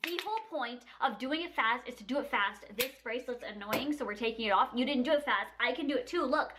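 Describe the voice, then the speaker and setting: Young female vlogger, high-pitched, sassy and animated, laughs a lot, casual rant. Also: brisk, few pauses, a little hiss or hum. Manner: animated, sassy, laughs often, mimics people. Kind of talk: casual ranting to camera.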